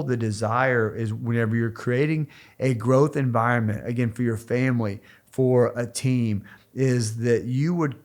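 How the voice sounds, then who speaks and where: A man's voice: mid-range voice, darkish tone. A man in his thirties co-hosting a church podcast, talking earnestly with frequent restarts and fillers. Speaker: podcast co-host. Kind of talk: casual podcast talk.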